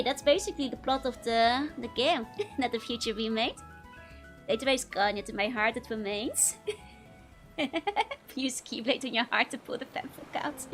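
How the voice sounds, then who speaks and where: A young woman streamer chatting casually with viewers, giggling often between phrases. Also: a little high.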